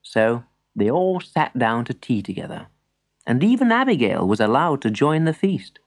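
A woman reading a children's story aloud with lively storytelling. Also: a bass voice, moderate pace.

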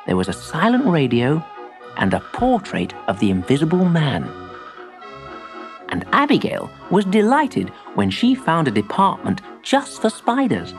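A woman reading a children's story aloud with lively storytelling. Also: sits low.

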